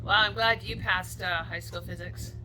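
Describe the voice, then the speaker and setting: A woman's voice: lowish voice, fairly even intonation, normal speed, noisy background. A woman hosting a vlog, chatting to camera as she films outdoors on a boat at a dock. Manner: chatty, narrating while filming. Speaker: vlog host. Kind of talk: casual vlog narration to camera.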